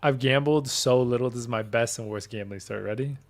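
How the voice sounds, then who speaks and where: A man co-hosting a podcast who asks questions, reacts and tells short stories in casual chat. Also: mid-range voice. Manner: quick reactions, laughing and asking questions. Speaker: podcast co-host.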